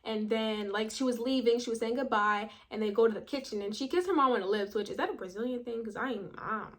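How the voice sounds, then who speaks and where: A young woman talks through a reality show episode in a loose, chatty way, full of slang. Her voice sits a little high, and she slips into quick impressions of the people she quotes. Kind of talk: casual recap commentary.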